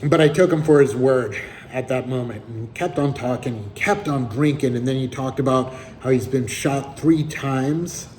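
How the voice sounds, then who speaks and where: Guy with a warm mellow voice telling a story casually, kinda dry and wry about it, faint noise behind. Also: medium pitch, poor audio.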